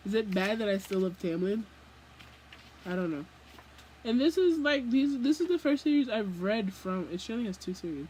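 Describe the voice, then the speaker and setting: A young woman vlogging casually from home, rambling and animated as she jumps from thought to thought. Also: lowish voice, a little hiss or hum, rough recording. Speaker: book vlogger. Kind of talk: casual chat.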